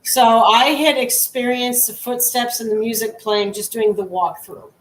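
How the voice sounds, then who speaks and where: A woman's voice: a little high, normal speed. A woman who is a guest paranormal investigator, telling stories casually and laughing along the way. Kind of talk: casual storytelling. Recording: roomy and distant from mic.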